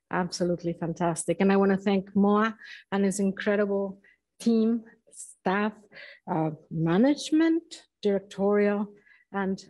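A woman who is not a native English speaker, co-curator giving opening remarks at a museum exhibition, halting and searching for words with frequent restarts. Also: mid-range voice, dark tone. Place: museum event space.

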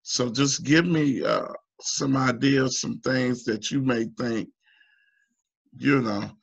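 A man from the United States giving halting, emotional personal testimony in an online town hall, full of restarts and fillers, his pitch climbing when he pleads. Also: gravelly, husky, lo-fi sound. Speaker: union member asking a guest.

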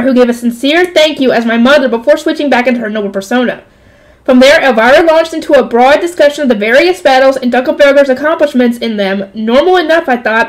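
High-voiced woman reading a novel aloud. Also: poor audio. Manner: breaks off to react with exclamations and groans. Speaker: channel host reading a light novel aloud.

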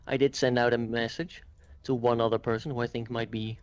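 A man voicing his character in a tabletop game, speaking smoothly and persuasively. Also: mid-range voice, level tone, fairly quick, dry recording, dull audio. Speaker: player. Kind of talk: in-character tabletop role-play.

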